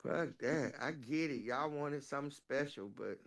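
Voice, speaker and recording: A woman co-hosting a casual chat, telling animated, profane stories and laughing through them. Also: a bass voice, moderate pace.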